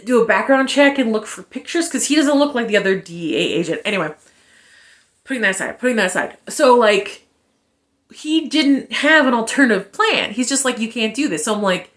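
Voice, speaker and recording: A woman giving a casual spoken book review, animated and sarcastic, with exasperated asides and the odd curse. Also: on the high side, normal speed.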